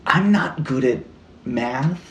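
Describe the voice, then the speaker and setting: Young male podcast co-host, mid pitch, rambly casual storyteller, roomy sound. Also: expressive, slow pace, creaky, highs cut off, slight background noise. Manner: rambling, lots of "like" and restarts, swears casually. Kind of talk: casual chat, true-crime storytelling.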